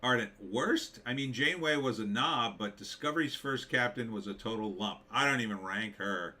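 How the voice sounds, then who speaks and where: A man's voice: medium pitch, moderate pace, sharp tone. A man hosting a live stream, reading viewer comments aloud and answering them with blunt, dismissive opinions and many fillers.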